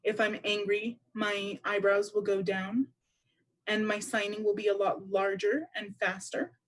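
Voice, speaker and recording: A woman interpreting aloud for a deaf presenter at a public seminar, speaking in a measured, explanatory way. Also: mid-range voice, flat delivery. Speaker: sign language interpreter voicing a deaf presenter.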